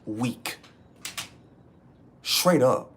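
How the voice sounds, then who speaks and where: A man's voice: medium pitch, expressive, drawn-out words, fairly bright tone, a little hiss or hum. A young man livestreaming from indoors, venting raw and profane to his chat, upset and frustrated, repeating himself as he rants. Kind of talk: emotional livestream rant to chat.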